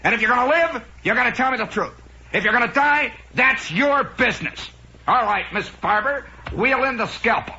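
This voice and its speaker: Man playing a curt, shouting TV doctor who barks orders; old dull radio sound. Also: extremely high pitch, expressive, rapid-fire, gravelly, hardly any pauses, voice pushed up, heavily acted. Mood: barking. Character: gruff, barking male TV doctor. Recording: dull lo-fi radio broadcast with faint hiss.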